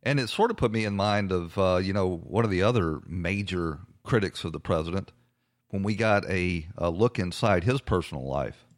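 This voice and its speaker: Male talk host, very low voice, indignant, halting with fillers. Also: lively intonation. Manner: indignant, hesitant with many fillers. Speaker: political talk show host. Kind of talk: conservative radio talk commentary.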